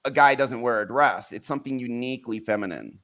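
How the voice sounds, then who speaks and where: A man's voice: medium pitch, a little fast, a bit bright. A man hosting a podcast in casual chat, candid and playful, rambling with fillers. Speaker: podcast host.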